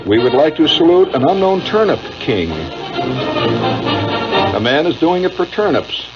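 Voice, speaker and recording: A man's voice: fairly high pitch, lively intonation, a little slow, over loud music. A middle-aged man with a Midwestern American accent, a radio host telling a wry, digressive monologue full of uhs. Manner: wry, digressive, chuckling storyteller with many uhs. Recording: dull lo-fi old radio broadcast with faint hiss.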